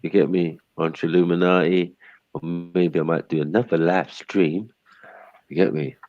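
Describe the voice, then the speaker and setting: A man's voice: deep voice, steady tone, normal speed, no room sound, dull audio. A man hosting a livestream, talking in a laid-back, slangy drawl. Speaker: livestream host. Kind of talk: casual chat.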